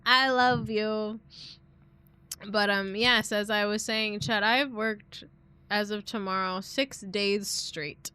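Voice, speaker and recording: A woman's voice: mid-range voice, fairly even intonation, slow pace, sharp tone, clean tone. A young woman live streamer chatting casually with her viewers, rambling and giggling, swearing now and then.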